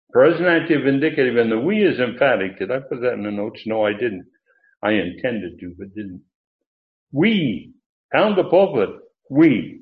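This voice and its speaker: A man preaching an expository sermon, teacherly, lifting his voice to stress key words. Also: mid-range voice. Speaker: pastor. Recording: tinny phone-like audio.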